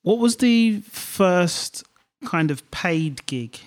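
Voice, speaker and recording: A man's voice: sits high, lively intonation, extremely slow. A man hosting an interview, asking questions and steering the talk in a conversational way. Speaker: interviewer host.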